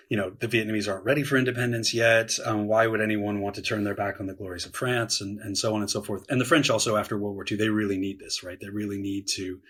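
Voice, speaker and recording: A man speaking as a guest historian on a podcast, explaining at length in a measured way with frequent "um"s and "right?"s. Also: on the low side, a bit bright, breathy edge.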